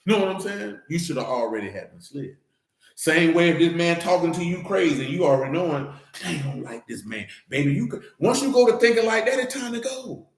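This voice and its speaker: A man's voice: a little high, animated, fairly quick, reverberant. A man, preaching informally and emphatically, talking straight to the congregation. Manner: emphatic, conversational, addresses congregation directly. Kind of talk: informal church teaching. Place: church.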